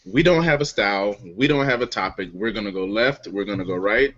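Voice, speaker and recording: Over lo-fi online call audio, a podcast host with a fairly low voice talks a little fast. He introduces guests on his casual beer chat show, lively and loose, joking and laughing a lot.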